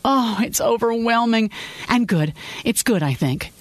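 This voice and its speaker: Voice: mid-range voice, lively intonation, unhurried, no echo, voice pushed up, natural voice. A narrator voicing an eager but unsure young woman lawyer, who talks in a flustered, apologetic way.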